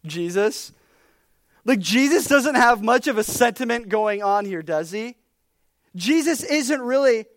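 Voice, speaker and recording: A woman preaching a casual, humorous sermon, chatty and animated, with many fillers. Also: a little high, no room sound, clean studio sound. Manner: chatty, animated, uses lots of "like".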